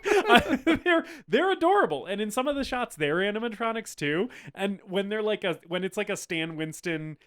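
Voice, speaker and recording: A man's voice: sits high, big pitch swings, unhurried, a bit bright. A man co-hosting a podcast, chatting casually about a movie, laughing often and acting out characters' lines. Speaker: podcast co-host. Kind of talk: casual movie review chat.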